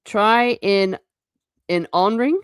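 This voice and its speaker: A woman's voice: medium pitch, slow, clear, resonant tone, no room sound, clean studio sound. A woman who used to teach, hosting a casual livestream, chatting loosely, laughing often and reading out viewer comments. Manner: chatty and rambling, laughing often, self-correcting. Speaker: livestream host; former teacher.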